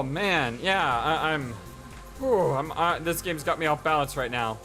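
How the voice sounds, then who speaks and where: A let's play host reading a visual novel aloud and reacting in an excitable, stammering way. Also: male voice, on the high side, unhurried, faint music behind.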